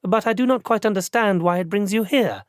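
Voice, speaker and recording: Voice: medium pitch, a little fast, dry recording, studio quality, pitched above the performer's own voice, lightly acted. A narrator voicing a composed woman who supervises office clerks, speaking formally and politely.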